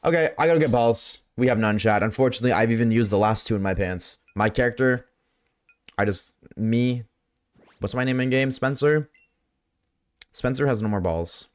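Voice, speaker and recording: A man streaming a game live, chatting loosely with viewers at a desk mic, swearing often and swinging between a high put-on tone and his lower everyday voice. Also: moderate pace. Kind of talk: casual live-stream chat while gaming. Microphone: desk microphone.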